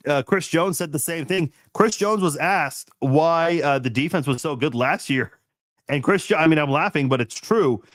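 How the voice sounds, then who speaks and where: A man's voice: a little high, normal speed, no echo. A man hosting a casual live-stream chat, reading viewers' comments in a rambling, laid-back way with frequent laughs, fillers and restarts.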